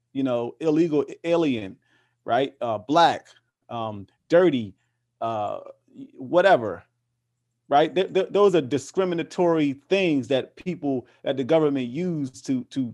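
A man's voice: mid-range voice, darkish tone. A man talking in a casual interview with real conviction. His voice sits in an ordinary middle range, and he repeats and restarts phrases as he drives each point home. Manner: passionate, emphatic, repeats words when building a point. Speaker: interview guest, activist.

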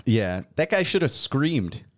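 A man's voice: medium pitch, big pitch swings, slow pace. A man co-hosting a casual podcast, chiming in with short agreements and adding his own takes. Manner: frequent short agreements, yeah and yep. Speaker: podcast co-host. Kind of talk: casual chat.

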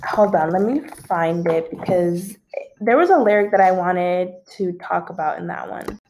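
A woman's voice: lowish voice, moderate pace, darkish tone, a little hiss or hum. Rambly young woman chatting gossip. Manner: rambling, filler-heavy, yawns now and then. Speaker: celebrity gossip host. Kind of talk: casual chat.

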